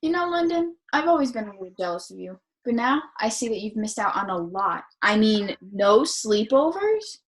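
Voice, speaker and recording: A young woman playing a friendly, ordinary girl hosting a sleepover in a school skit, gentle and teasing. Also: on the high side, sing-song, normal speed, hardly any pauses, slightly rough. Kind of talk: student skit acting.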